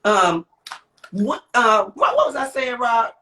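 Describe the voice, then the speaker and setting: A woman's voice: on the high side, lively intonation, slow pace, bright, forceful tone. A woman singer and author, a guest on a live interview, speaking heartfelt and rambling, repeating herself with exclamations. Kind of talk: emotional livestream interview talk.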